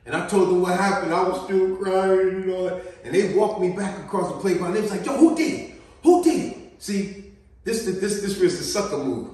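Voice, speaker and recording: A man telling a childhood story in an animated, slangy way, laughing often, recorded in a very echoey room away from the mic. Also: sits high, normal speed, far from the mic. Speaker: vlogger.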